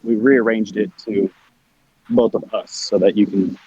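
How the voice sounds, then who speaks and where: A man's voice: fairly low pitch, steady tone, unhurried, breathy edge, no echo. A man leaving a tabletop game group, talking casually and hesitantly with his fellow players. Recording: dull lo-fi dry sound.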